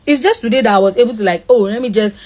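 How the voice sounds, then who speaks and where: Young woman telling what happened to her, shaken then fired up, slightly high voice. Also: very fast, a little mellow. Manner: shaken, pleading, then indignant and rising. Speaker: victim telling her story. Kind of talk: emotional personal account.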